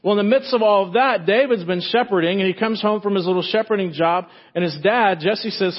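A man's voice: high voice, fairly quick, few pauses, muffled recording. A man pastor preaching a sermon in a church, retelling a story in a casual, joking way.

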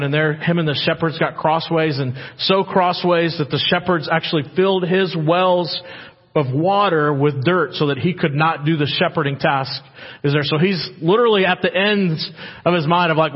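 A man's voice: on the high side, husky. A man preaching a dramatic sermon as a pastor, acting out God's words in quoted lines. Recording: muffled with long hall reverb.

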